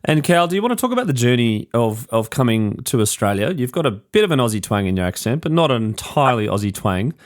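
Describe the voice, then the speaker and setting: A man's voice: mid-range voice, very animated, fast talker, few pauses. A man hosting an interview, asking questions in a hesitant way that restarts and rephrases as he goes. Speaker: podcast host. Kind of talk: conversational interviewing.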